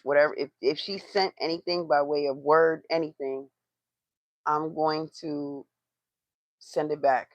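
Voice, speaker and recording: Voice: mid-range voice, fairly even intonation, a little slow, highs cut off, very noisy. A tarot reader doing a live reading, blunt and profane, who swears for emphasis and talks straight to the chat.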